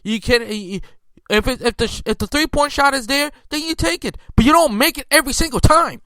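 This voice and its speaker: A man rants about last night's basketball in a high, bright, tense voice, restarting his sentences again and again and breaking into incredulous outbursts. The sound is dry and close, with no room around it. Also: a little fast, dry recording. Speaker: sports podcast host. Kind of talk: casual sports commentary.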